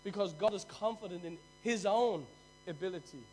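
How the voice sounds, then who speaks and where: An Irish man preaching a sermon, telling stories and swinging between loud bursts and hushed drops. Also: high-pitched, normal speed, a little hiss or hum, rough recording. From Ireland.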